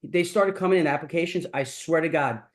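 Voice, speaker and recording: A man's voice: a little high, brisk. Blunt, profane motivational man. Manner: blunt, profane, repeats catchphrases. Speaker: mastermind host. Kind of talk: motivational talk.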